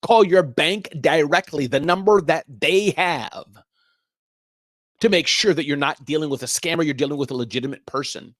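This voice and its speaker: A man's voice: on the high side, normal speed, fairly bright tone, dry recording, studio quality. A middle-aged man hosting a live business show, riffing energetically and giving emphatic warnings. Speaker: show host.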